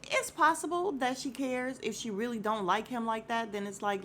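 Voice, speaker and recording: A woman's voice: fairly high pitch, moderate pace, fairly bright tone, slight background noise. A woman hosting a podcast, giving a casual, opinionated recap of a reality show with slang and frequent laughs. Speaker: podcast host.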